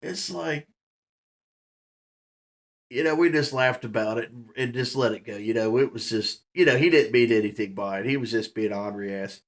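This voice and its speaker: A man's voice: medium pitch, moderate pace. A man telling a story to the camera in a rambling, casual way, with lots of fillers and laughs. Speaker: vlogger.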